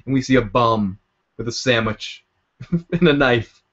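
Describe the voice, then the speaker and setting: A man's voice: mid-range voice, expressive, measured pace, fairly bright tone, husky, highs cut off. A man casually recapping a TV episode from a basement, rambling, chuckling and acting out scenes as he goes. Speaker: show recap host.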